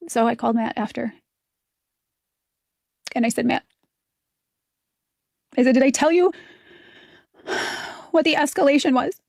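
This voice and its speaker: A woman telling a personal story in a played clip, retelling it quickly and with strong emotion. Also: high voice, gravelly, a little mellow, no room sound, studio quality.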